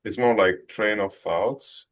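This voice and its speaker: A man's voice: on the low side, slow, a bit bright. A man taking part in a coaching exercise, giving tentative answers to the coach's questions. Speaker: session participant.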